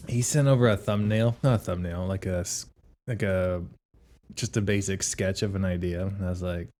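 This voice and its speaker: A man's voice: low-pitched, normal speed. A man co-hosting a podcast in casual chat, telling stories and acting out quotes from friends. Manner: animated storytelling, acts out quotes, laughs often. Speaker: podcast co-host.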